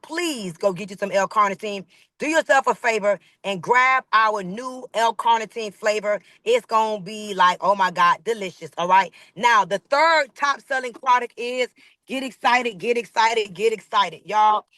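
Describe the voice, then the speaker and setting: A woman leading a network marketing training call, giving an energetic, preachy sales pitch that repeats phrases for emphasis. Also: unhurried, no room sound. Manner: hyped, preachy, calls the audience "baby" and "y'all".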